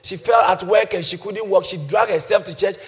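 A male pastor preaching a sermon, swinging from quiet teaching to shouted calls that the congregation answers. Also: high-pitched, brisk. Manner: congregation shouts back responses.

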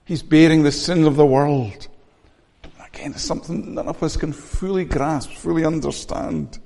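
A man's voice: on the high side, dark tone. Earnest preaching man in a reverberant hall. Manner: earnest, measured preaching with frequent repeated words. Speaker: pastor. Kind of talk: sermon. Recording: long reverb of a church hall.

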